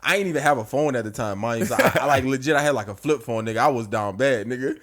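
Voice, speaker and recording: A man in his thirties telling army stories in a casual, profane chat. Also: mid-range voice. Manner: fast, profane, animated storytelling. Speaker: podcast co-host.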